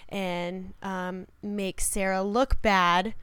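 Chatty woman co-host spinning a story; crisp, clean voice, mid pitch. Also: level tone, extremely slow, a bit bright, dry recording. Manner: chatty, rambling, lots of "like". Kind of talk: casual chat.

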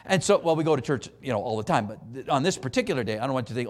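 In a lively sermon, a middle-aged preacher acts out characters' voices and gets the congregation to echo his words. His voice is mid-range and he talks very fast.

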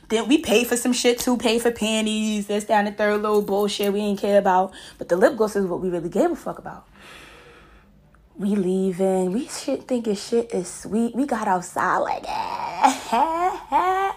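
A woman in her late twenties, a podcast host, telling a story in a casual, profane, animated way and laughing often. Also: mid-range voice.

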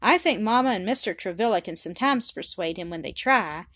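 A woman reads as an earnest, well-mannered little girl from an old-fashioned storybook. She speaks gently and gravely, at a middle pitch. The sound is dry and close. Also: animated, fairly quick, no echo.

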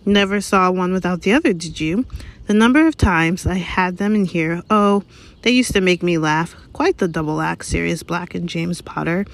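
A woman's voice: lowish voice, normal speed, lightly acted. A woman reading aloud, voicing a friendly, curious female pub landlady in a raised, gossipy voice. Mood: chatty, curious. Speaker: reader. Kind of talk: read-aloud audiobook.

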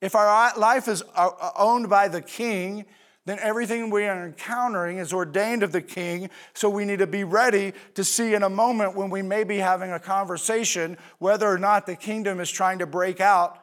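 A man's voice: high-pitched, fairly even intonation, normal speed, fairly bright tone. A male pastor preaching a sermon in a conversational way, asking rhetorical questions and answering them himself, with fillers and asides.

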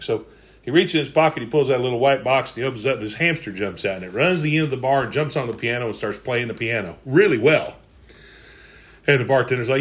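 A man's voice: mid-range voice, fast talker, a bit bright. Folksy chuckling man telling jokes. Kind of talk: casual joke-telling chat.

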